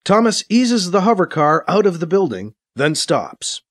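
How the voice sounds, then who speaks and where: A man narrating a science-fiction story with a dramatic, expressive reading. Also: high voice, measured pace. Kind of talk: audiobook narration.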